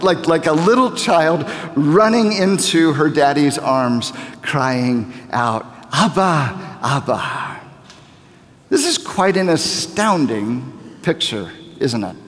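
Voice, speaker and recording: A man in his thirties preaching a sermon as a pastor, earnest and repeating key phrases for emphasis as he builds to fervor. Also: mid-range voice. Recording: long reverb of a large hall.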